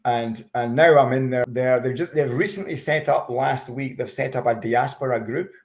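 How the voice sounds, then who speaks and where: A man talking as an interview guest, chatty and lively when he recounts how people reacted, with frequent restarts. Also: mid-range voice, gravelly. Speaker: interview guest, expat campaigner. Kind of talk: casual interview chat. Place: lives in Australia.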